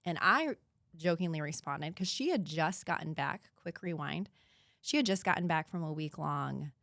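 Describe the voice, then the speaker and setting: Woman in her 30s on a podcast, low voice, dry close mic, earnest, going hushed now and then. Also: animated, moderate pace, creaky, no echo. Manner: earnest, with dips to a hushed whisper. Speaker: guest. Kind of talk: emotional personal storytelling.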